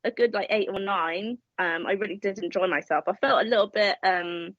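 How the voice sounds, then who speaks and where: A woman chatting as a guest on a podcast. She swears a lot, and her voice jumps high when she rants. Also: normal speed, fairly bright tone, no room sound. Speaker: special guest. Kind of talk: casual podcast chat. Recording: dry, muffled audio.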